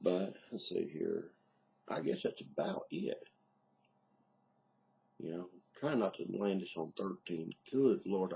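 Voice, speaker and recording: Very deep gravelly Southern man. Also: warm tone. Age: adult, married. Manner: blunt, drawling, plainspoken with mild cursing. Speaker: video diarist. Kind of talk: casual chat to camera. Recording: dull lo-fi home video.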